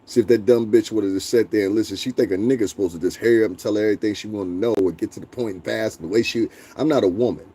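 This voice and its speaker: Man, livestream host, dark mellow voice, blunt, profane, animated rant. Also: fairly low pitch, very fast, few pauses, husky. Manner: profane, blunt, animated, talks back to chat. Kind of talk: casual ranting livestream chat.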